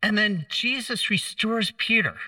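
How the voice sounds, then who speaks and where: A man preaching a sermon, telling the story in a conversational way, acting out the quoted lines with gentle humor. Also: high-pitched, expressive, a little slow, no echo, far from the mic.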